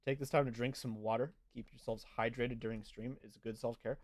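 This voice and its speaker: A man's voice: medium pitch, fairly even intonation, a little fast. Chatty young man streaming a game. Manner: chatty, reads and answers viewer chat. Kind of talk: casual gaming livestream chat.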